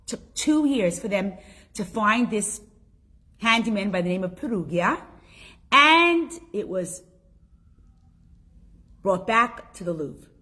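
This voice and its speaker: Chatty husky woman teaching a class. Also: medium pitch, slow pace, pauses often. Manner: animated, chatty, reads out viewer comments. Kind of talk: live online class, casual lecture.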